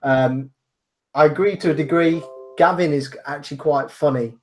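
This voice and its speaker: A man from England giving his view in a casual panel chat, measured and hesitant with frequent ums. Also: on the high side, soft background music. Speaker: panel guest.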